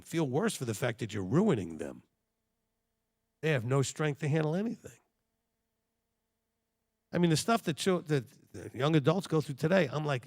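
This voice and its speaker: A man in his fifties giving a lively, joking sermon-style talk to a congregation. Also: a little high, unhurried, gravelly. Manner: animated and jokey, with mocking quoted voices. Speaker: teacher at a Torah study.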